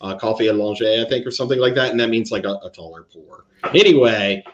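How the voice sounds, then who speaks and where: A man's voice: on the low side, fast talker, muffled recording, slight background noise. A man co-hosting a casual movie chat, rambling through tangents with frequent restarts. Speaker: podcast co-host.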